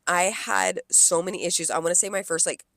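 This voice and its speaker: Lively young woman telling a story. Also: fairly low pitch, brisk, gravelly, dry recording, studio quality. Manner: animated storyteller, swears freely, acts out customers' lines. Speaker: podcast co-host. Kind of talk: casual chat, storytelling.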